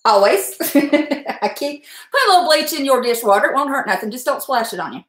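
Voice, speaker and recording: A woman's voice: high-pitched, lively intonation, fairly quick, fairly bright tone, reverberant, poor audio. A woman hosting a live cooking stream, chatty and folksy, greeting viewers and laughing often. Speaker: cooking livestream host. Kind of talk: casual live cooking demo. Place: home kitchen.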